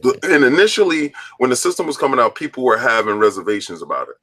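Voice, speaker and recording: A man's voice: mid-range voice, lively intonation, quick pace, bright, forceful tone, no echo. A man co-hosting a gaming podcast, rambling in a loose chat with lots of fillers and restarts. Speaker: podcast co-host.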